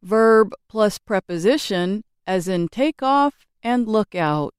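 A woman reading a scripted English grammar lesson with slow, careful, clearly enunciated delivery. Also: mid-range voice, lively intonation, no echo, studio quality. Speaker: English teacher.

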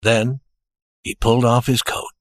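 A man reading a story aloud in a steady, expressive narrating style. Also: medium pitch, a little slow, no room sound, studio quality.

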